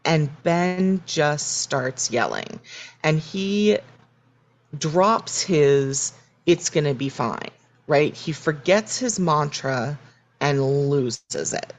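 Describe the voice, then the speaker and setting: A woman's voice: low voice, animated, very slow. A woman co-hosting a podcast, recapping a TV episode in casual, reflective chat and acting out the characters' lines. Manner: reflective, restarts mid-sentence, acts out characters' lines. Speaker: podcast co-host.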